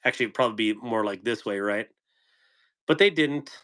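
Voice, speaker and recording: A man's voice: fairly low pitch, fairly quick, a bit bright. A man hosting a casual live stream about knives, rambling, chuckling often and answering viewers' chat. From United States. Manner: laughing, rambling, reading chat. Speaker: knife channel host on a live stream.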